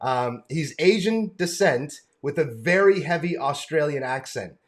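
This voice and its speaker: A man's voice: on the high side, expressive, a little slow. An American man hosting a casual video-call interview, enthusiastic and friendly, calling his guest brother and man. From United States. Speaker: interview host.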